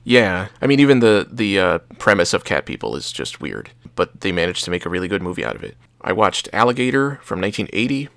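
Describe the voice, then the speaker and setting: A man's voice: low-pitched, big pitch swings, a little fast, creaky, few pauses, a bit bright, dry recording. A young man co-hosting a casual movie chat, rambling and hesitant, with many restarts. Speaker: podcast co-host.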